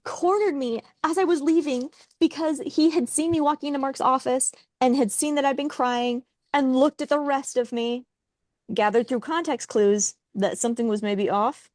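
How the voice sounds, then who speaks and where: A young woman co-hosting a casual chat, telling a story in a wry, animated way and acting out what others said. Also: high voice, moderate pace, no echo. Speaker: podcast co-host.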